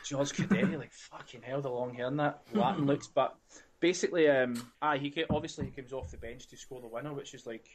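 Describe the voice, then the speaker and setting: A man's voice: mid-range voice, a little fast. A man co-hosting a podcast, giving opinions freely and swearing casually. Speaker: podcast co-host. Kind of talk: casual chat.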